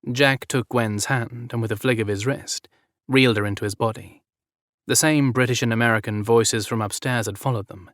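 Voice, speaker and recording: A man narrating a romance audiobook at a measured, even pace. His voice sits in a middle pitch. The recording is dry and close to the mic. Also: no echo.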